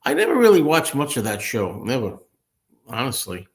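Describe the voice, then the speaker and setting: A man hosting a relaxed livestream, reading out and answering viewer comments. His voice sits at a middle pitch for a man, and he talks in a loose, unscripted way. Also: normal speed. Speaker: livestream host. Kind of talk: casual livestream chat.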